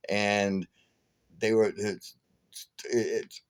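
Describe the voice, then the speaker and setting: A man with a lowish voice tells a story in casual vlog style, meandering and full of fillers. He sounds tired and chuckles his way along. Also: little pitch movement, very slow, smooth. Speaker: vlogger.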